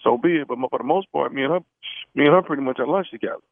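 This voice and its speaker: A brash man talks quickly on a prank phone call, stammering as he pushes his case. His voice is mid-pitched and sounds tinny and dry, as if over a phone line. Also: gravelly, no echo. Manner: brash, matter-of-fact, stammering. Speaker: radio prank caller.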